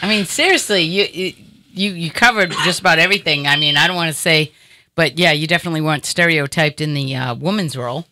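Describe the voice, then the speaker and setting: A woman's voice: low-pitched, fast, bright, forceful tone. A woman hosting a talk show, chatting casually with a guest in a rambling way with many fillers. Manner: chatty, rambling, lots of "you know". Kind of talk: casual interview chat.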